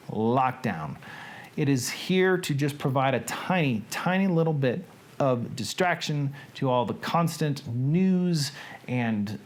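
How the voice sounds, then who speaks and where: Slow, drawling Southern man. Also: on the high side. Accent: Southern American. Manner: folksy, playful, drawn-out delivery. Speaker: livestream host. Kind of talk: casual livestream chat and dramatic reading.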